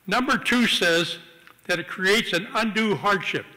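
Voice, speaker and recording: A man speaks earnestly, reading rules aloud at a council hearing. His voice is high and bright. The room leaves a long reverb tail. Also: a little slow. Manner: earnest, reads from code book. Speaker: public commenter. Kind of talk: public hearing testimony. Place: council chamber.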